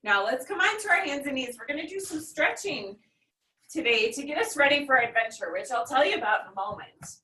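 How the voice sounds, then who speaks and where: High bright-voiced lady leading kids yoga, playful moos and meows, sounds kinda distant. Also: expressive, fairly quick. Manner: gentle, instructive, cues breathing, playful animal noises. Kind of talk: guided children's yoga class. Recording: echoey room, far from mic.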